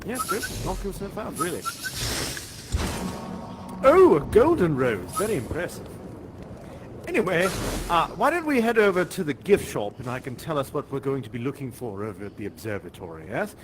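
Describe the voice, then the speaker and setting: A man's voice: on the high side, a little hiss or hum. An actor playing a genteel, chatty male professor who guides visitors in a live virtual-reality performance, courtly and polite and chuckling often. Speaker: live actor guiding players.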